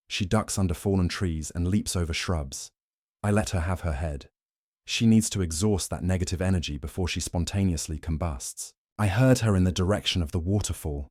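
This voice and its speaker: A man narrating a first-person audiobook in a plain, steady storytelling manner. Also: low-pitched, dry recording, clean studio sound.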